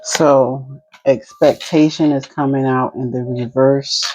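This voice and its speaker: A woman with a New Jersey accent doing an intuitive tarot reading at a slow, unhurried pace. She muses aloud over each card and talks directly to spirit. There's a clear hiss of background noise under her voice. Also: very deep voice, fairly even intonation, a little mellow, poor audio. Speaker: tarot reader.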